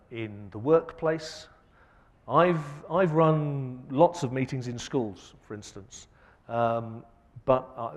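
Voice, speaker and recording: A man giving a conference lecture, asking the audience rhetorical questions with an emphatic delivery that swings between loud and soft. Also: medium pitch. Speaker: keynote speaker. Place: large conference hall. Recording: long hall reverb.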